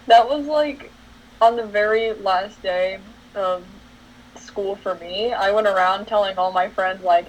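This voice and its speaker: Teen girl cohost from jersey, chatty and dry, mid pitch, some faint noise. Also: normal speed, poor audio. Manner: chatty and wry, laughs at her own stories. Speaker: podcast co-host. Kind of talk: casual chat.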